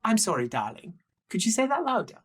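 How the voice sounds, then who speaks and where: A man's voice: sits high, big pitch swings, quick pace, sharp tone, voice pushed up, heavily acted. A man voicing a haughty, dismissive woman noble with a raised, drawling voice.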